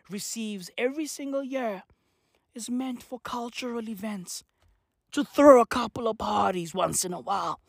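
High, lively South African woman ranting. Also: gravelly, no room sound, clean studio sound. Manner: animated, swears constantly, slangy with "bruh" and "fam". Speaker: vlogger. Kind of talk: profane comic rant.

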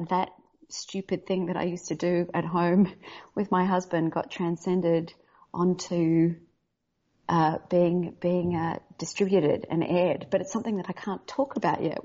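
A woman's voice: lowish voice, dark tone, breathy edge. A woman voice actor chatting as a podcast guest, talkative and enthusiastic. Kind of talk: casual podcast chat. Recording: slightly dull lo-fi sound.

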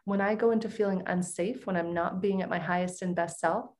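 A middle-aged woman, a podcast guest, telling a personal story in a lively, expressive way and laughing often. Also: fairly low pitch, a little fast, a little hiss or hum.

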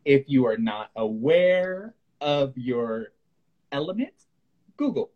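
A husky man chats easily on a spiritual podcast and acts out his own reactions as he tells a story. The recording sounds a little dull and lo-fi, as if from a modest home setup. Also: medium pitch, sing-song, slow pace, a little mellow. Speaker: podcast co-host. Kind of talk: casual spiritual chat.

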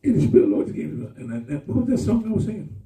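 Male pastor, testimony preaching, lively swooping delivery, mellow tone, heard from a distance in a reverberant church. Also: sits high, very fast, creaky. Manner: animated storyteller, shouts and laughs through stories. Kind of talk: testimony sermon. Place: church hall with congregation. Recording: echoey room, far from mic.

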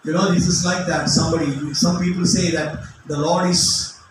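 A middle-aged man preaching with passion and non-native phrasing, now and then shouting, recorded from a distance in a large hall. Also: a little high, fairly even intonation, normal speed. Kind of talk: sermon. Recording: echoey hall from far off, faint noise.

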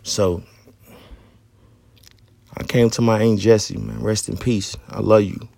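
Man, 30s, podcast host. Very low, gravelly voice, dry close mic. Blunt, profane, candid monologue. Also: steady tone, slow pace, dark tone, no echo. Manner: blunt, profane street talk.

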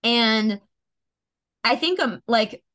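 A woman's voice: a little high, expressive, extremely slow, fairly bright tone. A young woman co-hosting a podcast, telling a candid story in a rambling way full of fillers, a little tipsy. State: slightly intoxicated. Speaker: podcast co-host. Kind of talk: casual confessional chat.

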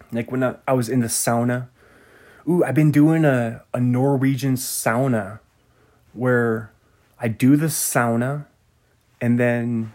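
Slow, rambling man chatting casually. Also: medium pitch. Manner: rambling, easily sidetracked, laughs at himself. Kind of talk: casual solo chat.

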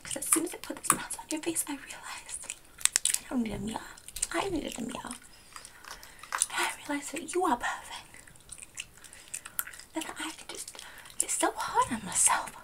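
A woman's voice: high-pitched, sing-song, moderate pace, pauses often. A woman voicing a chatty, rambling female makeup counter clerk with a put-on New Jersey accent in a whispered role-play, chewing gum as she talks, close to the mic. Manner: rambling, gushing, chews gum while talking.

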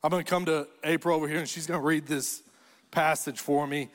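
A man's voice: fairly high pitch, steady tone, a little fast, a bit bright. A man preaching a sermon as pastor, telling stories and building to emphatic repeated phrases. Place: church auditorium. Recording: long echo of a church hall.

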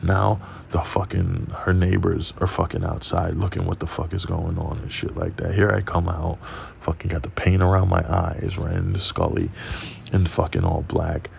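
A man hosting a podcast, telling a profane, animated story in casual monologue. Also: low voice, moderate pace, creaky, slight background noise. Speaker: podcast host.

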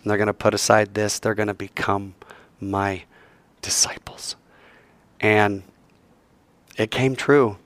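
A man's voice: lowish voice, takes it slowly, pauses often, no echo. A man preaching a sermon, telling the story with energy and acting out the voices of the people in it. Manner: animated storytelling, acts out voices, swings from loud to soft.

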